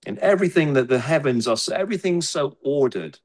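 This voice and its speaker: A man's voice: a little high, lively intonation, a little fast. A male pastor delivering a sermon in a church. He talks in a loose, conversational way, circling back on his points. He drops in personal asides between the scripture readings. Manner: conversational preaching with asides and repetitions.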